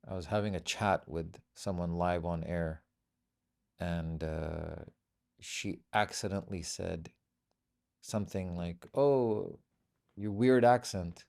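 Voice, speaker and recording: A man with a very deep, gravelly voice tells stories in a relaxed podcast chat. He is a middle-aged comedian from Bahrain, and he slips into the voices of the people he quotes. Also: slow. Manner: animated storyteller acting out quoted voices. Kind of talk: casual storytelling chat.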